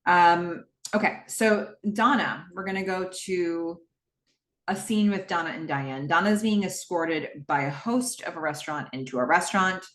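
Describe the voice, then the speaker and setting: Woman podcast host, fairly low voice, casual scene-by-scene recap, echoey room. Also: moderate pace, fairly bright tone. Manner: walks through scenes in present tense, with frequent "um"s.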